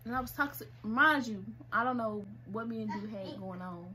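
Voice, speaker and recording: A young woman co-hosting a casual storytime, animated, laughing often and acting out other people's lines. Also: on the high side, a little fast, noisy background. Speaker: co-host telling a couple's story.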